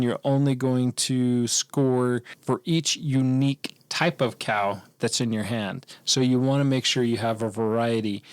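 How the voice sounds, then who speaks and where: A man's voice: medium pitch, dry recording. A man co-hosting a board game podcast, casually explaining how a game plays, with some fillers. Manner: explains rules at length, uses fillers. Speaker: podcast co-host.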